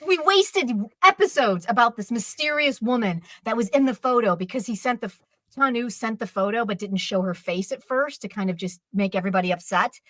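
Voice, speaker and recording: A woman co-hosting a live stream chat, ranting in an exasperated, animated way. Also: fairly high pitch, brisk, no room sound. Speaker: co-host.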